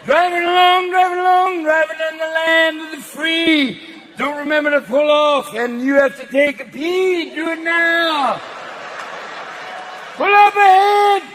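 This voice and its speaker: A man's voice: extremely high pitch, fairly even intonation, measured pace, fairly bright tone, slight background noise, voice pushed up. A man voicing a rambling male folk singer as a car navigation voice, with a nasal sing-song drawl. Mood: meandering.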